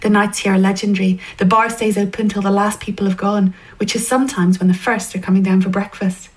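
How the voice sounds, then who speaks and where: A woman narrating a story in the second person, in a hushed, intimate way that often sinks toward a whisper. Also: medium pitch, steady tone, brisk, rough recording.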